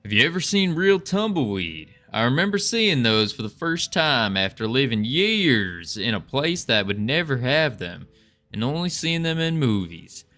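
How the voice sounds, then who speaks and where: A man's voice: medium pitch, sing-song, normal speed, bright, forceful tone. A man on a casual livestream, rambling and thinking aloud with small restarts while he works on code. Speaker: game developer streaming.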